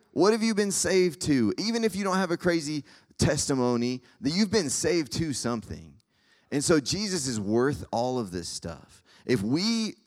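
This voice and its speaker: A young man delivers a relaxed, chatty sermon to students, wandering into asides and filling gaps with "um" and "like". His voice sits at an ordinary middle pitch. The sound trails off in a long hall reverb. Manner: conversational, lots of fillers and asides.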